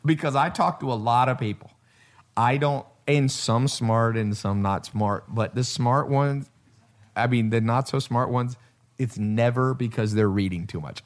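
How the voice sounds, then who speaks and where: Blunt, emphatic man in casual talk. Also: mid-range voice. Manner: blunt, emphatic, swears, laughs often. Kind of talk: casual conversation.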